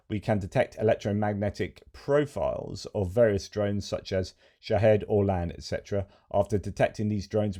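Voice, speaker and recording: A man's voice: low voice, mellow. A man giving casual video commentary as a military news commentator, chatty and digressive with frequent fillers.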